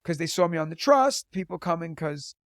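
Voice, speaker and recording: A man's voice: a little high, expressive, fairly quick, no echo, studio quality. A man in his thirties, a teacher and comedian, chatting as a podcast guest and telling stories full of "like" fillers. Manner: chatty storyteller, lots of "like" fillers. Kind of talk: casual interview chat.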